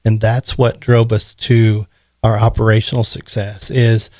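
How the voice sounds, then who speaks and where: A man's voice: lowish voice, flat delivery, unhurried, darkish tone, no echo. Earnest businessman guest, dry close sound. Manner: earnest, reflective, repeats himself. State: choked up. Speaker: podcast guest, business owner. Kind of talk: casual conversation.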